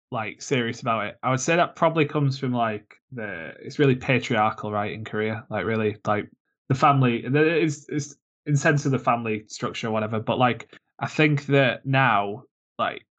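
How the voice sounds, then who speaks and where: A man's voice: medium pitch, a bit bright. Casual joking man, slightly muffled. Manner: casual, joking, many fillers. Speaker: podcast co-host. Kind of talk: casual chat.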